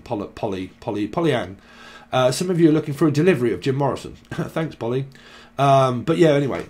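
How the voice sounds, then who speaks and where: A man's voice: mid-range voice, a little mellow. Rambling man doing a tarot reading. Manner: free-associating, joking, lists names and words. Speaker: tarot reader.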